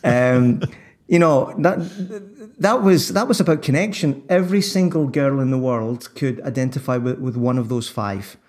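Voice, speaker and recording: A man argues his point in a relaxed sports talk. He sounds sure of himself and builds his case steadily. His voice is mid-pitched and conversational. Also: measured pace. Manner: confident, persuasive, builds an argument. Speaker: podcast co-host. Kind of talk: casual discussion.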